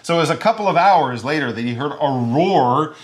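Male English tutor, slightly high voice that swings widely, playful and chatty. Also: brisk, breathy edge. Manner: animated, acts out example voices. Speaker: English teacher. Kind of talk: conversational lesson explaining vocabulary.

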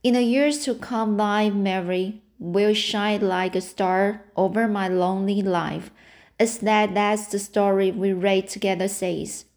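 A woman's voice: mid-range voice, fairly even intonation, a little slow, a little mellow, lightly acted. A woman reading the lines of a dramatic, romantic young girl, breathless and theatrically tearful. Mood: rapturous.

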